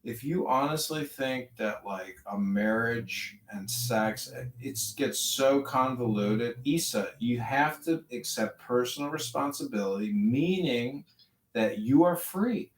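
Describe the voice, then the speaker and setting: A man holding forth on spirituality in a preachy, rambling manner, calm one moment and fervent the next. He sounds set back from the mic, and the capture rings with echo. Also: mid-range voice, slow. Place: online audio chat room. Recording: echoey, distant audio-room capture.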